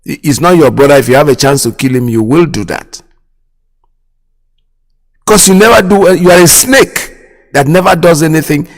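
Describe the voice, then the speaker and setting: Nigerian guy on his radio show ranting, kinda high voice, keeps repeating himself, big echoey reverb tail. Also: lively intonation, moderate pace, pauses often. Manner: indignant, repeats phrases, asks sharp rhetorical questions. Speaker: radio host. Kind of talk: impassioned political commentary. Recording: long hall reverb.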